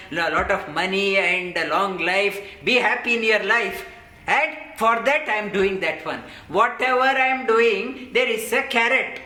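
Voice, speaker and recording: A man's voice: high voice, sharp tone. A man teaching a scripture class, explaining verses in an earnest, repetitive way. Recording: roomy echo.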